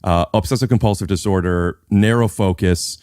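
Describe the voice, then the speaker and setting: A man calmly explaining things in casual talk, matter-of-fact with some hesitant fillers. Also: low-pitched, normal speed, dry recording, clean studio sound.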